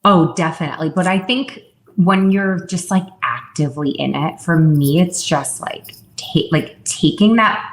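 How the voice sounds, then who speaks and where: Low-pitched woman in her 30s, candid podcast guest, thinking out loud, pretty open. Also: a little slow. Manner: open, reflective, quotes herself in raised voice. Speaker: guest, fitness founder. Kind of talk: candid interview conversation.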